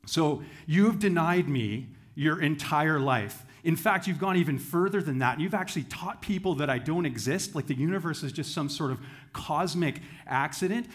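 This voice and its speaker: The voice of God in a pulpit joke, measured and wryly questioning, as a pastor puts him on. He sits a little higher and louder than the storyteller's plain voice. The delivery is still close to an everyday man's voice. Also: natural voice. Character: voice of God, male, calmly questioning a doubter.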